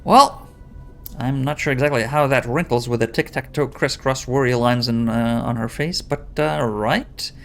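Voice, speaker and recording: A man's voice: medium pitch, fairly even intonation, normal speed, creaky, hardly any pauses, soft background music. A man giving casual, rambling commentary while playing a role-playing game, with wry asides. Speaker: let's play host.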